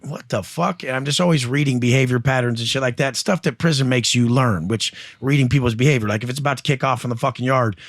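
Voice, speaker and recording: A man's voice: medium pitch, fast, hardly any pauses, no echo, studio quality. A man coaching and telling stories on a podcast, blunt and profane, acting out other people's voices as he goes. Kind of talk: casual podcast conversation.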